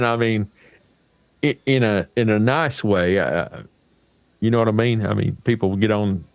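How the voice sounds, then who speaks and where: A fairly low-pitched American man chats casually as the host of a livestream. His talk is folksy and salty, and it rambles from one point to the next. The sound is dry and close, with no room echo. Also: normal speed, vocal fry. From United States.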